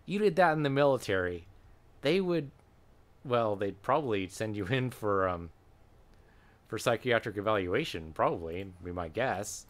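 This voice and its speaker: A man's voice: on the low side, lively intonation, normal speed. A man giving chatty, wry commentary while playing a video game, thinking aloud with frequent hesitations. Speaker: gaming channel host. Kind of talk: let's play commentary.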